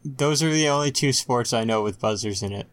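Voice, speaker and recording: A man's voice: medium pitch, a little fast. A man in casual podcast chat, adding short, dry interjections to his co-host's story. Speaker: podcast co-host.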